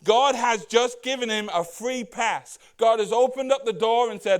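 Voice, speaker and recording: Pastor guy preaching real casual, high voice, keeps asking the crowd questions. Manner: talks directly to the congregation with rhetorical questions; acts out the Bible characters' words in quick voices. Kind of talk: conversational sermon.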